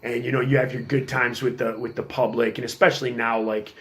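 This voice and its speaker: Middle-aged guy on a podcast, chatty cop telling stories, gets loud and lively acting out what people said. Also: medium pitch, fairly quick. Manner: animated storyteller, acts out quotes in a raised voice. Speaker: police officer and podcast co-host. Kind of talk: casual podcast chat.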